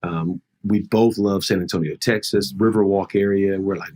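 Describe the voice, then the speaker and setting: A man's voice: sits low, steady tone, moderate pace, hardly any pauses, a little mellow. A middle-aged man, a pastor, telling a personal story in an earnest, conversational way during a podcast interview.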